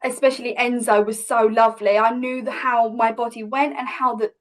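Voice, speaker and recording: A woman's voice: on the high side, flat delivery, fairly quick, poor audio. A woman, a podcast guest vividly retelling a personal story with many restarts. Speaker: podcast guest, hypnobirthing teacher.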